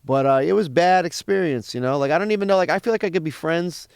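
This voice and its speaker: A man's voice: fairly high pitch, quick pace, creaky, smooth, dry recording, studio quality. A man, a comedian guest telling a profane story in casual chat and acting out what others said. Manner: animated, profane, acts out other people's lines.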